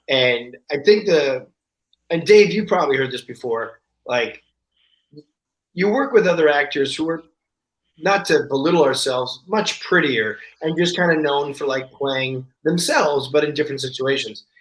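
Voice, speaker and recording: Animated man telling stories, echoey room. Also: on the high side, normal speed. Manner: animated storyteller, acts out quoted voices. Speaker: guest actor. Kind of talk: casual podcast chat. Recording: roomy echo.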